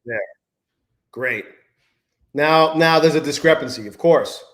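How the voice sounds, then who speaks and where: A man commentates on his trades during a live stream, swearing often, muttering in exasperation and greeting viewers in chat by name. His voice is a little high and fairly bright, he speaks slowly, and the sound is roomy.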